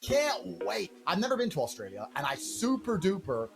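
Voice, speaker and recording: A man's voice: high-pitched, big pitch swings, normal speed, gravelly. A man in a brash monologue, talking in a boastful, profane and mocking way. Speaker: internet personality in played clips. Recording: reverberant clips with music underneath.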